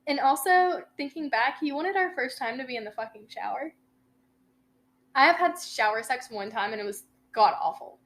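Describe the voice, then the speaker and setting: Young woman co-host, high voice, lively profane storyteller who acts out quotes. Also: normal speed. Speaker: podcast co-host. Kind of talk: casual storytelling chat.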